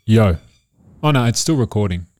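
A man's voice: fairly low pitch, expressive, normal speed, darkish tone, no echo. A man, a father hosting a casual family podcast and joking with his kids. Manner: playful, teasing, jokey.

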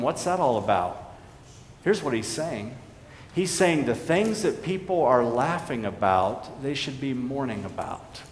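A man preaching a sermon as a pastor, earnest and emphatic, dropping to a hushed tone on solemn points. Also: mid-range voice, animated, unhurried. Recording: echoey hall reverb with faint background noise.

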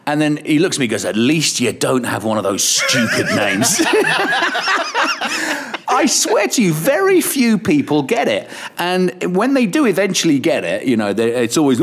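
A man's voice: a little high, wildly swooping pitch, moderate pace, slightly rough. A middle-aged man, a radio presenter, telling anecdotes in a casual interview, swearing freely and laughing often. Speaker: radio presenter, podcast guest.

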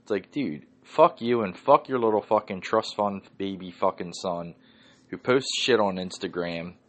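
A podcast host from Northeast Philadelphia delivers a solo rant, profane and full of heavy swearing. His voice is low yet fairly bright, at a normal speed.

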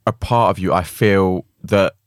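A man's voice: sits low, fairly even intonation, measured pace, smooth, no room sound, studio quality. A man co-hosting a podcast, teasing his friend and summing up his dating plans in casual chat. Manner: teasing, sums up and sorts out what his co-host says.

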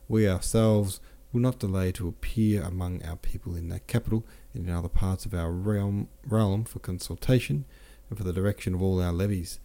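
Young woman reading a proclamation, solemn, dark tone, read by a man. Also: sits low. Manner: solemn, careful.

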